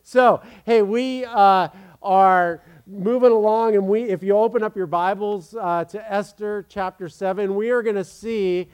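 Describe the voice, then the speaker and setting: A man's voice: high voice, fairly even intonation, measured pace, smooth. A man preaching as pastor to his congregation in a casual, joking way, with many fillers and restarts.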